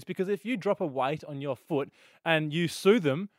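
A man's voice: fairly high pitch, normal speed, no echo. A man with an Australian accent, co-hosting studio radio, teasing in a mock-stern way. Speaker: radio co-host. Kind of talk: breakfast radio banter. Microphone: studio microphone.

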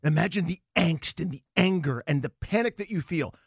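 A man's voice: fairly high pitch, lively intonation, brisk, hardly any pauses, no room sound, studio quality. A man in his thirties co-hosting a casual sports talk show, ranting comically with repeated punchlines. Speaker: podcast co-host.

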